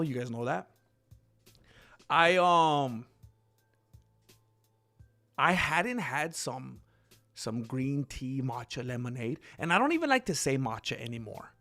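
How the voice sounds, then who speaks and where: A man's voice: mid-range voice, vocal fry, fairly bright tone. A man hosting a casual livestream, rambling and talking back to chat comments. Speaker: channel host.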